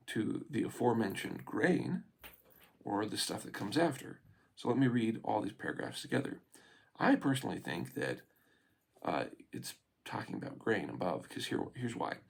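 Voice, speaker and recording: Gravelly, husky man reading scripture. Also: on the low side, very animated. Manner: reads slowly, then muses with fillers and restarts. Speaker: scripture reader and commentator. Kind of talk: scripture reading and casual commentary.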